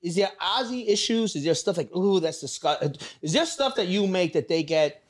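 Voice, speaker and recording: A man's voice: high-pitched, animated, fairly quick. A man chatting casually, emphatic and opinionated, giving his views with conviction. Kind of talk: casual chat.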